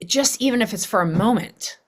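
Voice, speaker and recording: A woman's voice: medium pitch, animated, brisk. A middle-aged woman hosting a podcast, talking casually and animatedly, acting out quoted voices. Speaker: podcast host. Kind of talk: casual conversational interview.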